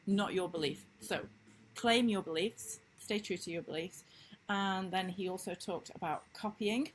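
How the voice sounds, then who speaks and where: A woman business coach in a casual talking-head vlog, recapping lessons with emphatic enthusiasm and sudden upward leaps in pitch. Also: a little slow, a little hiss or hum, poor audio. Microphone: computer screen-recording mic.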